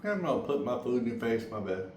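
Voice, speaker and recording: An excitable, folksy man hosts a home cooking video and talks right to his viewers. His mid-pitched voice rings around an echoey kitchen. The faint clatter of pots and dishes sits behind him. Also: fast, slight background noise. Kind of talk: casual cooking demo and taste test.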